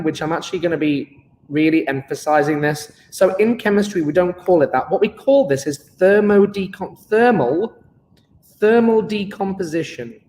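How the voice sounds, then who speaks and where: Chatty high-voiced male chemistry teacher. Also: darkish tone, reverberant, big-room sound, slight background noise, rough recording. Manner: chatty, repeats key words slowly for note-taking. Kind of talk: live online lesson.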